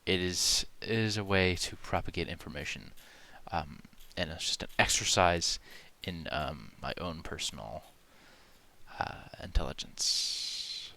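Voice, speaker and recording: A man with a very low but bright, ringing voice hosts a parody commentary. He rambles and hesitates through mock-serious conspiracy talk, full of fillers and asides, keeping a deadpan tone. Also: a little slow, creaky. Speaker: video host.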